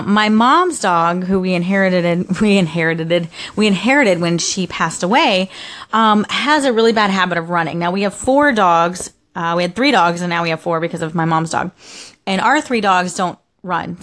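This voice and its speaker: A woman's voice: lowish voice, a bit bright. A young adult woman vlogging casually about her day, rambling with lots of fillers and restarts. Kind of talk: casual personal storytelling.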